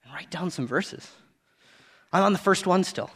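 A man in his thirties preaching a sermon, earnest and conversational, rising loud on key points and dropping to quiet asides. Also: high-pitched, normal speed, creaky, slightly rough.

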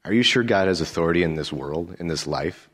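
A low-voiced man preaching a sermon with very lively swings in pitch. He is emphatic and rhetorical, building his points through repetition. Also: brisk. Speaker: pastor.

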